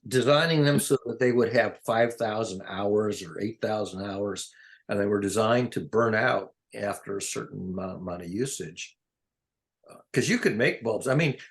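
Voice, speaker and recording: An older man in a casual, rambling chat, drifting between topics and chuckling often. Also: fairly low pitch. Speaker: conversation partner.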